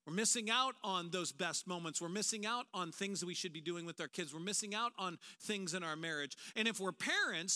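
A man preaching a sermon as a pastor in a large church auditorium, animated and acting out quoted voices. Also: high-pitched.

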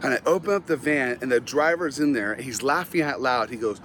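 Animated, self-mocking man speaker. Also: medium pitch, fairly quick, slight background noise. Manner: self-mocking, often laughs at his own stories. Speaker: Christian motivational speaker. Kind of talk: humorous storytelling talk.

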